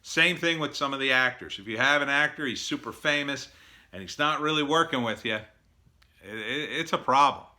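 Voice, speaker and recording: A middle-aged man talks through screenwriting advice in a casual, blunt monologue. His voice sits at an ordinary pitch but sounds very bright and forceful. He is opinionated, uses plenty of fillers, and acts out what other people said. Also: moderate pace. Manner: blunt, opinionated, with many fillers and acted-out quotes.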